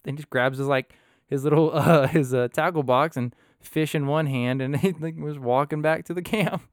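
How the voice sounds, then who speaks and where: A man's voice: on the high side, normal speed, no echo, clean studio sound. A man hosting a casual podcast chat, telling stories with lots of laughter and loose, rambling asides. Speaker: podcast host.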